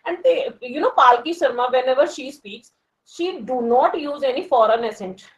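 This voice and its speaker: Talking casually about learning English, a working professional from India speaks in an Indian English accent, hesitating and restarting with many fillers. Her voice sits high and moves at a moderate pace, and the recording is rough.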